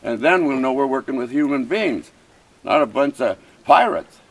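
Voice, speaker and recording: Captured on a rough recording, a man with a mid-range, creaky voice speaks at normal speed but with lots of animation. He is a First Nations chief arguing heatedly with police face to face at an outdoor protest camp, pleading with passion and repeating his points over and over.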